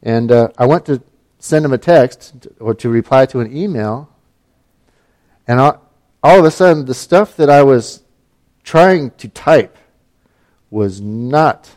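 A middle-aged man from Alaska recounts a personal story in an easy, conversational way. His voice sits at an ordinary middle pitch, and his humor is wry and self-deprecating. He stumbles and restarts often, as people do in unscripted talk. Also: a little mellow. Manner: wry, self-mocking, with frequent fillers and restarts. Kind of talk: personal story told casually.

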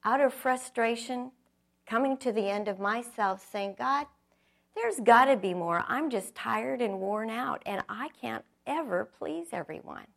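A woman's voice: on the high side, lively intonation, unhurried, vocal fry. A middle-aged woman giving an earnest, reflective personal testimony, telling her story with acted quotes.

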